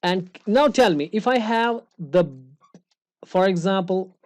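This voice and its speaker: A woman's voice: mid-range voice, a little slow, darkish tone, no room sound. A woman teaching a one-on-one recitation lesson, explaining rules patiently and checking understanding with frequent questions.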